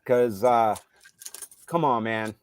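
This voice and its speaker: A man in casual chat telling a coaching story, acting out what he yelled on the sideline. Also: medium pitch, takes it slowly. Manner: animated storyteller, yells out quoted lines. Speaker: youth football coach.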